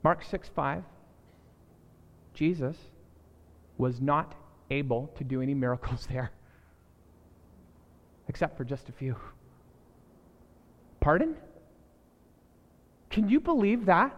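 A male pastor delivers an emphatic sermon, repeating key phrases and alternating between loud declarations and quiet asides. His voice sits on the high side and is very animated, with a slow delivery and frequent pauses. He's in a large hall, and the recording has its highs cut off.

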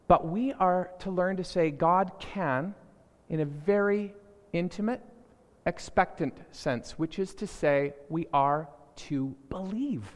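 A man preaches a sermon as pastor in a large hall, emphatically repeating key phrases and swinging between loud declarations and hushed asides. His voice is on the high side.

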